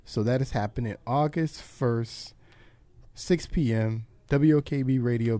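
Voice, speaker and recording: A laid-back man hosts a radio talk show, chatting casually and laughing easily. His voice is mid-pitched and sounds dry and close, with little room sound. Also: mellow, no room sound.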